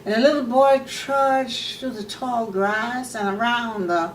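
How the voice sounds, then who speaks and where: A woman telling a children's story in a slow, expressive, folksy way, recorded from far off in an echoey room. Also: on the high side, slight background noise.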